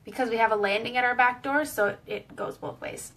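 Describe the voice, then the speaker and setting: Friendly woman educator, a touch high-pitched, talks through a relaxed lesson; recorded a little far off. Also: fairly quick. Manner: friendly, explanatory, with small fillers. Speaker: pet wellness educator. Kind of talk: casual online lesson.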